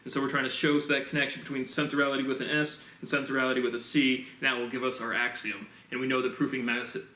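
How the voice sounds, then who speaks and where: A man's voice: mid-range voice, flat delivery, fast, sharp tone, distant mic. A man musing aloud in a meandering solo monologue, restarting phrases often as he explains his own theory. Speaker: self-published theorist explaining his framework. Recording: roomy echo, voice off-mic.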